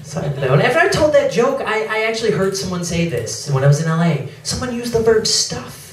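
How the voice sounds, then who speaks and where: Performing stand-up on a comedy club stage, a young man with a high, sing-song voice sounds sheepish and apologetic, mocking himself and quickly mimicking others. He is heard from a distance in a reverberant room, amid audience laughter.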